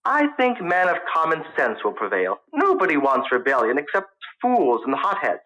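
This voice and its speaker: A peace-loving village minister, as a storyteller puts him on, speaking in measured, soothing tones with quiet authority. His voice is bright and rides high on questions, with lively turns. A storybook clergyman who wants no quarrel. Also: exaggerated voice, poor audio. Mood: calm.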